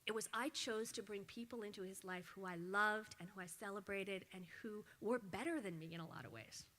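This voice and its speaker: A middle-aged woman delivers an award acceptance speech. Her voice is bright and forward. She tells a story and livens up the quoted lines. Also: medium pitch, brisk. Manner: storytelling, acts out her son's lines with animated voice.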